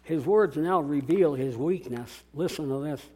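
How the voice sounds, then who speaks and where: A man's voice: on the high side, a little slow, warm tone, slightly rough. A man preaching a sermon as a pastor, dramatic and calling out to his congregation. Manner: dramatic, call-and-response preaching.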